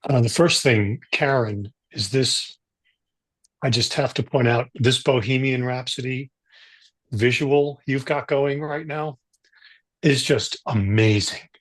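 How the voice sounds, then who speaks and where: A man's voice: medium pitch, takes it slowly, fairly bright tone. A man on a book club video call, speaking with enthusiasm.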